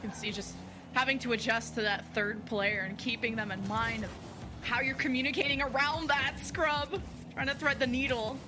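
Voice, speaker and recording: A woman giving measured, analytical esports commentary, played on a stream. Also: on the high side, steady tone, music in the background.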